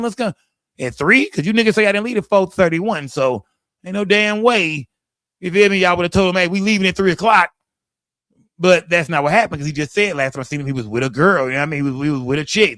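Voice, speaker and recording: A man doing casual livestream commentary, profane and animated, firing off rhetorical questions to his chat. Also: fairly high pitch, dry recording.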